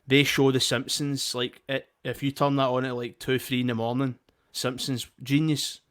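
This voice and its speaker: Bright-voiced man chatting. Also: mid-range voice, flat delivery, moderate pace. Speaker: podcast co-host. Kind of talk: casual chat.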